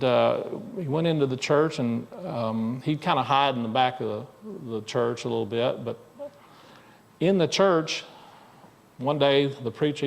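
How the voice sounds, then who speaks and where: A male minister telling a story in a sermon, in a conversational, halting way with frequent restarts. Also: medium pitch, vocal fry. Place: church sanctuary. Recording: long reverb in a church hall.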